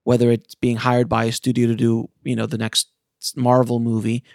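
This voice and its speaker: Middle-aged male host, gravelly voice, earnest and impassioned, loose unscripted monologue. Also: medium pitch, completely flat delivery, normal speed, a little mellow, no room sound, studio quality. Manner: earnest and passionate, with frequent restarts. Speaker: filmmaker and podcast host. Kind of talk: casual monologue to listeners.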